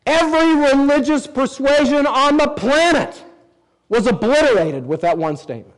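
A man preaching a sermon, reading scripture aloud and swinging between emphatic rises and low, quiet drops. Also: expressive, normal speed, low-quality recording. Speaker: pastor.

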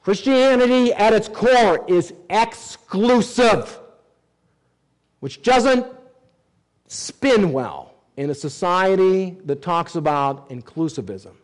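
High-voiced preaching man. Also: expressive, takes it slowly, poor audio. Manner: preaching with emphatic swings in pitch and volume; reads scripture aloud. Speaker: pastor. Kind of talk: sermon.

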